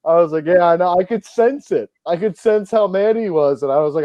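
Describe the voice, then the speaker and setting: A profane, rambling man hosting a casual podcast, his voice sitting fairly high for a man but with a mellow, dark tone. The sound is dry and a little dull and lo-fi. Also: a little fast, no echo. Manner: profane, rambling storyteller, animated quoting. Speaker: podcast host.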